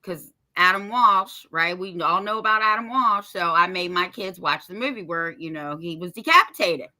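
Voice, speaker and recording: Blunt, bright-voiced middle-aged woman. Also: on the low side, lively intonation, normal speed. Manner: blunt, profane, laughs a lot. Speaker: podcast co-host. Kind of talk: casual podcast chat.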